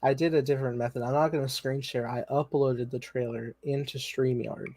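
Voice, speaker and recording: A man's voice: mid-range voice, steady tone, a little fast, darkish tone. A man hosting a casual pop-culture podcast, explaining things in an easygoing way and laughing along. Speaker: podcast host. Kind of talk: casual chat reacting to a trailer.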